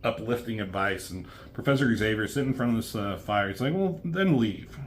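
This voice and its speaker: A man's voice: lowish voice, quick pace, slight background noise. A man casually reviewing a comic book, rambling loosely with fillers and the odd curse word.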